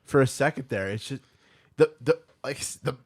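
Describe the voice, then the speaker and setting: A man's voice: mid-range voice, normal speed, slightly rough. A man co-hosting a pop culture podcast, rambling and self-mocking as he laughs through his talk. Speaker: podcast co-host. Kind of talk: casual podcast banter.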